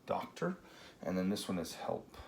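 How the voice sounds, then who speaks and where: A man teaching a Spanish grammar lesson at a whiteboard, relaxed and full of fillers, checking in with "okay" often. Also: deep voice, normal speed, vocal fry, a little hiss or hum. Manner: relaxed, many fillers and okays.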